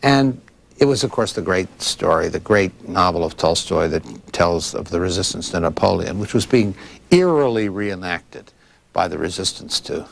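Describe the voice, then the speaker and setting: A man's voice: deep voice, lively intonation, moderate pace, gravelly, slight background noise. A man in his sixties from Philadelphia, giving long, thoughtful and digressive interview answers as a librarian, with frequent restarts. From Philadelphia, United States. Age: 60s.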